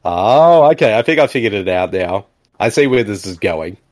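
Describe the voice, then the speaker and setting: A man co-hosting a podcast, chatting casually as he riffs on a movie, laughing often and talking with excitement. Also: lowish voice, moderate pace. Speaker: podcast co-host. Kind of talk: casual movie riffing chat.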